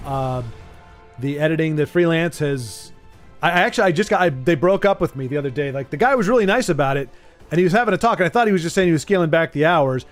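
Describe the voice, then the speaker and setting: A man's voice: a little high, lively intonation, quick pace, faint music behind. A man hosting a card game stream, chatting casually with rambling, self-deprecating jokes. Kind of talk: casual chat while gaming.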